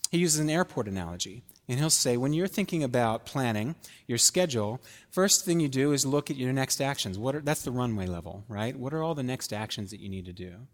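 A man's voice: mid-range voice, lively intonation, brisk, few pauses, big-room sound. A man preaching a sermon in a conversational way. He asks the congregation questions and acts out quoted dialogue. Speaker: pastor.

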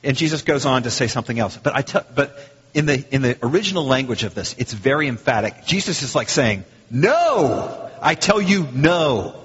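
A man preaching a sermon in a relaxed, talky way, with a husky, fairly high voice that swoops up and down a lot. His speech rings out into a long hall echo, and the recording sounds dull and muffled. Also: fast. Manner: conversational, animated, acts out quoted lines.

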